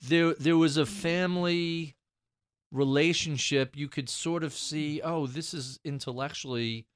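A male podcast host with a smooth, clear voice asks his guest measured questions. He listens attentively and comes back with follow-ups. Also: on the high side, steady tone. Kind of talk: interview questions.

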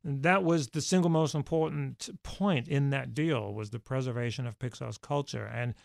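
A man answering interview questions in a halting, thoughtful way, full of restarts and fillers. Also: mid-range voice, gravelly, dry recording, studio quality. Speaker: podcast guest, former studio executive.

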